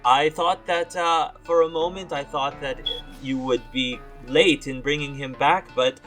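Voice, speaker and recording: A man voicing a pampered, fussy rich nobleman who gushes and flusters in a high, fluttery voice. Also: fairly even intonation, a little slow, a bit bright, faint music behind. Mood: smug.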